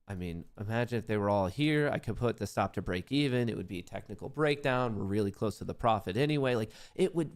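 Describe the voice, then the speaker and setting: A man hosting a live trading stream, chatting casually to viewers and muttering anxious repeated questions to himself, sometimes dropping to a near whisper. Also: fairly low pitch. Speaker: livestream host trading stocks.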